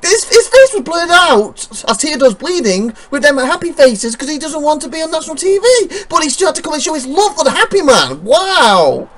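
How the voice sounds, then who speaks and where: A host giving playful, excitable play-by-play commentary on a wrestling video game show. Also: high voice, moderate pace, few pauses, over a noisy crowd. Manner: excitable, exclaims often.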